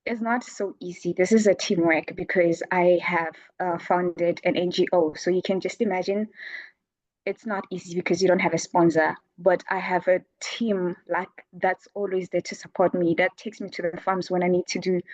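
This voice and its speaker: A woman's voice: on the low side, darkish tone, dry recording, lo-fi sound. A woman from South Africa giving an emotional acceptance speech for an award over a video call. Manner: emotional, near tears. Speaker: award winner.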